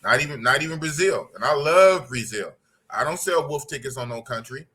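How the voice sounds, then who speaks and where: His voice is husky and sharp, medium in pitch, animated, and a little fast. He's a middle-aged U.S. man hosting a casual podcast, going through live chat comments in a blunt, slangy, repetitive way.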